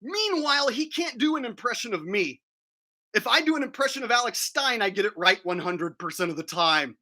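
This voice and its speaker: A man's voice: extremely high pitch, lively intonation, a little fast, bright, forceful tone. A man ranting crudely and combatively on a livestream, talking while eating. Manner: talks while chewing food. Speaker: streamer. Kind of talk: profane livestream rant.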